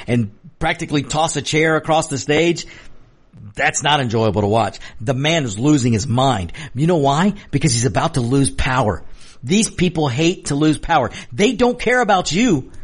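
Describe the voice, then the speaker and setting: Heated husky-voiced male political host. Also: mid-range voice. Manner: heated, emphatic, repeats himself. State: losing his voice, coughing. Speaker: political talk show host. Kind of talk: opinionated political commentary.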